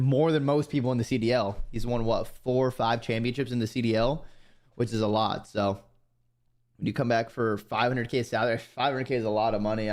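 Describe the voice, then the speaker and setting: A man's voice: medium pitch, darkish tone. A young man chatting casually on his stream in a laid-back way, trailing off into fillers.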